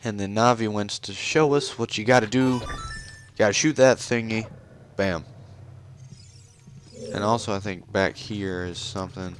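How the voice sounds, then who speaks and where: Sarcastic, joking let's play host, a man with a low voice, faint game music underneath. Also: a little slow, long pauses. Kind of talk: casual gameplay commentary. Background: video game music.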